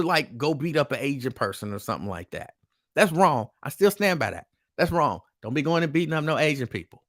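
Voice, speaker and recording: A man hosts a casual live stream. His voice sits a little high, and he hammers points home by repeating himself in plain, conversational speech. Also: fairly bright tone. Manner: emphatic, repetitive, conversational. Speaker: host.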